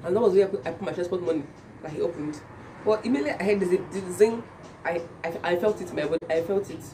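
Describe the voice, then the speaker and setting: A woman's voice: lowish voice, fast talker, warm tone, recorded from a distance. Young Nigerian woman vlogger, just-woke-up voice, chatty with lots of restarts, in a noisy spot. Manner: chatty, repeats words and restarts a lot. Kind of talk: casual chat to camera.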